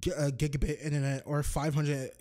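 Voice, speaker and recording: A man streaming a video game live, chatting casually and ranting, his voice jumping high when exasperated. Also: level tone, brisk, darkish tone.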